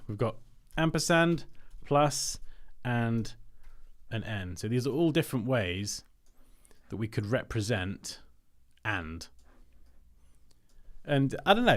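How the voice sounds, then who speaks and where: A man's voice: medium pitch, animated, a little slow. Chatty man thinking aloud. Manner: chatty, thinking aloud while working on screen. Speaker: livestream host reviewing designs. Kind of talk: casual livestream commentary.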